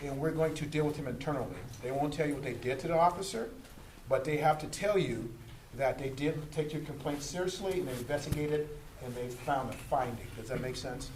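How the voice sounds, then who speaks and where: A man's voice: mid-range voice, brisk. A man, a police lieutenant, explaining citizen complaints to a group and acting out street encounters. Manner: animated, acts out street scenes. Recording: echoey room, faint noise.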